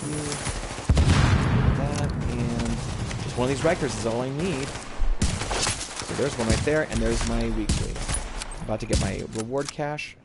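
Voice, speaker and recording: A man's voice: mid-range voice, a little slow, pauses often, heavy background noise. A man streaming a video game from home, giving loose live commentary that often trails off and corrects itself. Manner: rambling, loose and self-correcting.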